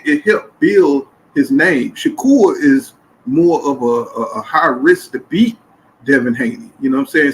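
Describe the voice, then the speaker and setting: An animated man hosting a casual boxing talk show, talking fast and circling back to his points. His voice sits at an ordinary pitch. Some faint noise hangs in the background. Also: low-quality recording. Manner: animated, keeps saying "you know what I'm saying". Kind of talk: casual chat.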